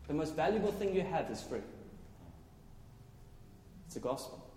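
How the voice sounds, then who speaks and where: A man preaching a sermon with loud, passionate, exclaiming delivery. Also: on the high side, sing-song, moderate pace, a little hiss or hum. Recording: echoey hall, faint ambience.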